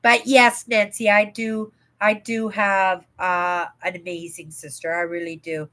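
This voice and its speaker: A woman's voice: medium pitch, level tone, measured pace, a bit bright, poor audio. An older woman from Canada hosting a casual livestream, chatting and rambling, often checking in with "right?". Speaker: livestream host.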